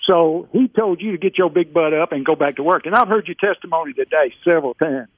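A man calling in to a radio show, talking in a folksy, preacherly way with drawn-out emphatic phrasing over a phone line. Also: on the high side, no echo. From Mississippi. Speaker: caller. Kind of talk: casual radio call-in chat. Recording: phone-line call, dry.

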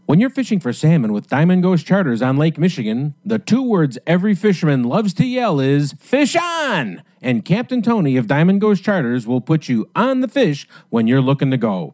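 A man's voice: a little high, a little mellow, no echo. A man hosting an outdoors radio show, reading ads and chatting in a folksy, jokey way, with a slight cold. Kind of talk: radio talk and live ad reads. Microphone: radio studio mic.

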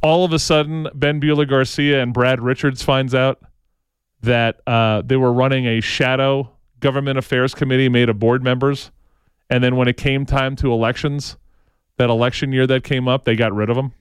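A man's voice: medium pitch, little pitch movement, moderate pace, smooth, no room sound. A man co-hosting a talk show, telling rambling opinionated stories, tagging his sentences with "right?" and slipping into impressions of the people he quotes. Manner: tags sentences with "right?", frequent restarts.

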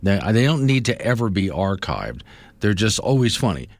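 A man's voice: fairly low pitch, sing-song, normal speed, dry recording. A middle-aged man hosting a morning radio show, rambling and self-amused. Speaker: radio host.

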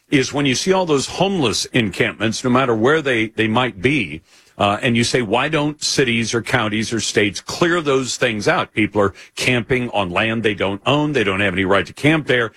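A man hosting a talk radio show, pressing his points with firm opinion. His voice is husky and slightly breathy, and the studio sound is close and dry. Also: mid-range voice, a bit bright, no room sound. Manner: opinionated, emphatic.

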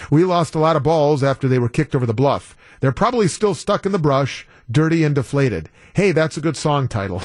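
Male talk radio host, slightly high voice, wry monologue style. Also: lively intonation, moderate pace, no echo, studio quality. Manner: wry, incredulous storytelling. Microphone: studio broadcast mic.

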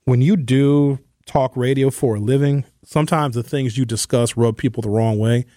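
A man's voice: mid-range voice, fairly even intonation, moderate pace, warm tone, dry recording. Opinionated man hosting talk radio, dry sound. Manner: opinionated, conversational, shifting pace for emphasis.

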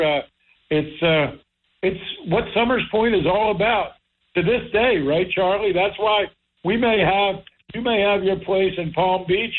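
A man's voice: sits high, phone-quality sound. A male radio show host in casual talk show chat, enthusiastic and repeating himself as he searches for words.

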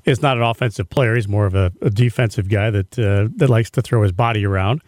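A man's voice: lowish voice, fast, darkish tone, no room sound, clean studio sound. A man co-hosting a radio show, chatting casually about sports. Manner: easygoing, talks sports. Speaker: radio co-host.

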